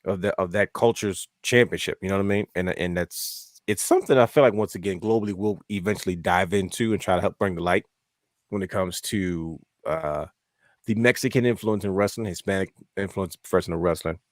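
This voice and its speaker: A man co-hosting a wrestling podcast, telling stories in a lively way and acting out his own reactions. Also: low-pitched, a little fast, dry recording, clean studio sound. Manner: animated storyteller, acts out his own thoughts. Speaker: podcast co-host. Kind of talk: casual wrestling chat.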